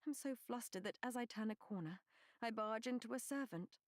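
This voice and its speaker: A woman's voice: a little high, fairly quick, dry recording, clean studio sound. Woman narrating a first-person audiobook.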